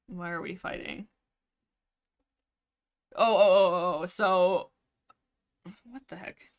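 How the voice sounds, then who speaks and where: A woman's voice: mid-range voice, gravelly, sharp tone. A young woman hosting a livestream, chatting casually about a book series in a rambling way, full of fillers, restarts and side comments. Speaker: livestream host.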